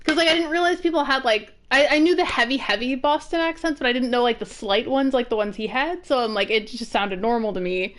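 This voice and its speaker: A woman's voice: on the high side, fairly quick, few pauses, slight background noise. A woman from Massachusetts giving casual, rambling commentary while streaming a game. She laughs often.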